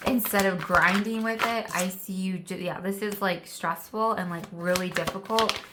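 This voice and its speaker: A woman gives a casual tarot reading in an indoor room with a candle, recorded on a phone camera with a lot of noise. Her mid-range voice holds a steady tone at normal speed, and she's chatty and encouraging, using "like" constantly.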